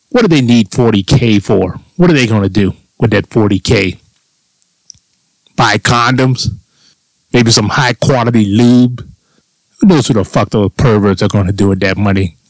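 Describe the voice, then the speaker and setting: A man's voice: on the low side, no room sound, rough recording. A man telling a long personal story on his own show in a crude, sarcastic rant, swearing often. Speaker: podcast host. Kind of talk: casual profane monologue.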